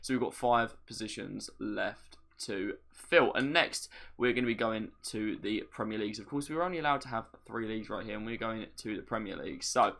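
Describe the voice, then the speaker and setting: A man's voice: lowish voice, brisk, vocal fry, fairly bright tone. A young man giving a casual, chatty walkthrough of a video game, explaining each step plainly with light self-deprecating asides. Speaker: gaming video creator. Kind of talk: casual gameplay tutorial commentary.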